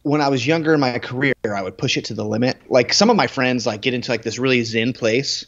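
Fast-talking dude cohosting a podcast, jokey banter, kinda dull lo-fi sound. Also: male voice, medium pitch, a bit bright. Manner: quick joking banter. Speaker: podcast co-host. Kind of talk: casual chat. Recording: dull lo-fi audio.

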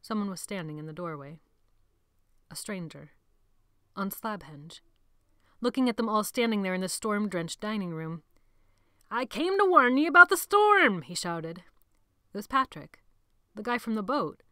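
A woman's voice: mid-range voice, fairly bright tone, clear, resonant tone, no room sound, studio quality. Dramatic woman audiobook narrator. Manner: dramatic, sinks to a whisper at tense moments.

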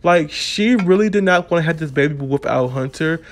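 A man's voice: on the high side, moderate pace. Chatty man narrating a life-sim game. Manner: chatty, storytelling. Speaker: gaming channel host. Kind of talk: casual gameplay narration.

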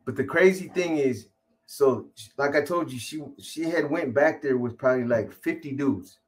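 A man tells a long story in loose, profane street slang. His talk rambles, with frequent restarts and fillers, and he sits at a middle pitch for a man. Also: moderate pace. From California. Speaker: guest telling a story. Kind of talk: casual storytelling.

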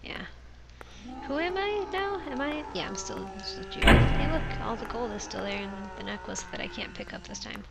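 A woman's voice: a little high, expressive, normal speed, vocal fry, very noisy. A sniffly woman giving casual, sarcastic commentary while she plays a game, swearing freely and reading its dialogue aloud. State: sniffly from allergies. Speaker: let's play gamer. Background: game music.

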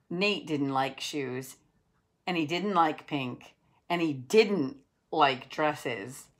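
A woman reading a children's picture book aloud, telling the story in an expressive storytelling way. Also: deep voice. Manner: expressive, unhurried storytelling with voiced characters. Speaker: storybook reader.

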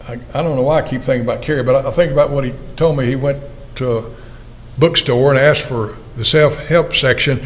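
A man's voice: mid-range voice, fairly even intonation, brisk, rough recording. An older man, an evangelist, preaching a sermon in an earnest, folksy way and asking his listeners questions.

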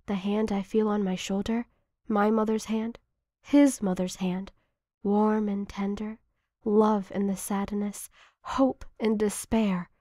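A woman reading a first-person devotional meditation in a hushed, tearful, emotional way. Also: medium pitch, level tone, slow, no room sound, studio quality. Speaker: narrator.

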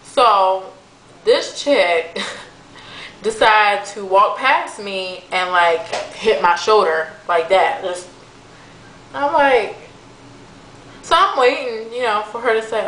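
A woman's voice: mid-range voice, animated, slow, a bit bright, slight background noise. Exasperated young woman venting, echoey room. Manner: chatty and exasperated, many fillers. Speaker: vlogger. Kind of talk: casual venting vlog. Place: room at home.

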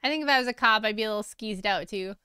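Bright, crisp-voiced chatty woman streamer. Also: medium pitch, racing, no room sound, studio quality. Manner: chatty, self-deprecating, laughs often. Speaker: streaming artist. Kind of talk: casual chat with viewers while drawing.

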